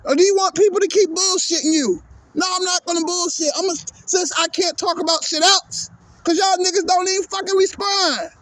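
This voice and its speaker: Guy with a really high voice going off, cursing nonstop, angry sports rant. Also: fairly even intonation, brisk, fairly bright tone, dry recording. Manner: profane, heated, repetitive ranting. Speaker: sports vlogger. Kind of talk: angry ranting monologue.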